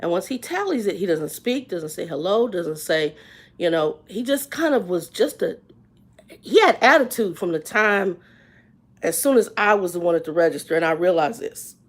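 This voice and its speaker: A woman in her fifties telling a story on a live stream in a folksy, plain-spoken way, swinging from loud outbursts to hushed asides. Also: lowish voice, lively intonation, normal speed. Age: 50s.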